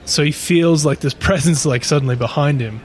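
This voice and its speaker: A man's voice: fairly high pitch, brisk. Casual swearing man telling a ghost story. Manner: rambling, swears freely, retells a ghost story. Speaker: podcast co-host.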